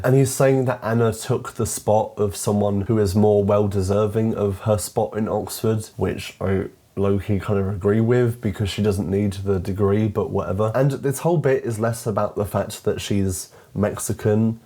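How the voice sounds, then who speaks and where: A young British man with a British accent talks through a film review in a wry, sarcastic, casual manner. His voice sits fairly low and sounds warm and mellow. He keeps dropping in "like" as he rambles along. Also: steady tone, moderate pace, hardly any pauses. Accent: British English. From Britain. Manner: sarcastic and wry, with many filler "like"s. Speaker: film commentator. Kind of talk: casual video essay commentary.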